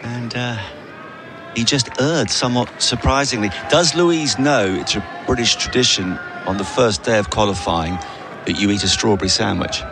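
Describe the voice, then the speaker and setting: A man's voice: mid-range voice, moderate pace. A man with a headset giving tennis analysis, chatty and given to dry jokes. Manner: chatty, dry joking asides. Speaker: tennis co-commentator. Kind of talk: live sports commentary. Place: commentary box at a tennis stadium. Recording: noisy outdoor venue background.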